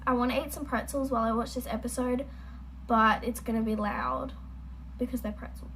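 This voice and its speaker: Young woman host, casual and apologetic, slightly high voice. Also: fairly even intonation, fairly quick, fairly bright tone, a little hiss or hum, low-quality recording. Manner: chatty, rambling, apologetic. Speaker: reaction video host. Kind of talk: casual chat. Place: at home, indoors.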